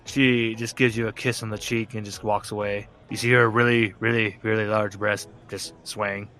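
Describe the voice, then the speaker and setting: A man's voice: fairly low pitch, little pitch movement, moderate pace, sharp tone. A man narrating as game master in a casual, rambling way, swearing and laughing often.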